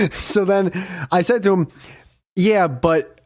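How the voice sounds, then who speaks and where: A young man chats into a podcast mic, excitable and quick to laugh, with plenty of swearing. His voice sits a bit high, and the sound is dry and close. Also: no echo. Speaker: podcast host. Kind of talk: casual storytelling chat.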